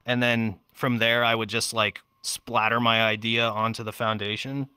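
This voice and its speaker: A man with a bright, forward voice who chats in a casual, easygoing way and giggles often. The sound is close and dry. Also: medium pitch, little pitch movement, normal speed, clean tone, no room sound. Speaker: podcast guest, musician. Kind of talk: casual podcast chat.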